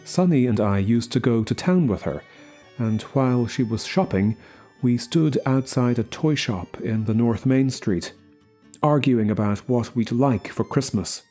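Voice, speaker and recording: A man reading a short story aloud as the narrator, in slow, measured scripted narration. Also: mid-range voice, mellow, soft background music. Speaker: story reader.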